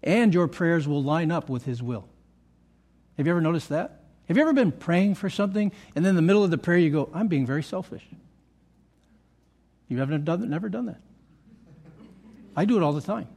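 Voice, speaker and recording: A man preaching as a pastor, reading scripture aloud and asking his listeners questions, moving between quiet low asides and loud emphatic lines. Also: animated, a little fast, pauses often. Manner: reads scripture aloud, then asks the congregation questions. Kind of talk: expository sermon.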